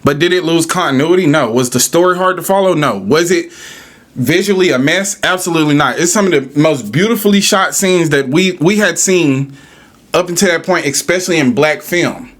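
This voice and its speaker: A man's voice: a little high, fairly quick, fairly bright tone. A man hosting a podcast, ranting in a casual, profane, argumentative way. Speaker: podcast host.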